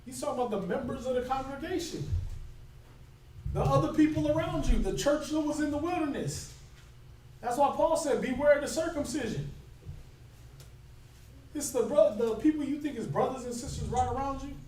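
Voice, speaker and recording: A man's voice: very high voice, normal speed, long pauses, a little mellow. A man teaching a scripture class in an informal sermon style, talking conversationally and often checking in with "right?". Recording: echoey room recorded from far off.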